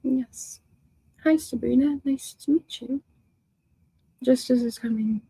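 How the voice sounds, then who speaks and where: A woman's voice: high voice, steady tone, slow pace, mellow, breathy edge, rough recording. A woman hosting a livestream who reads out viewers' comments and answers them with emotion and confrontation. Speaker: livestream host. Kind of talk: casual livestream chat reading viewer comments.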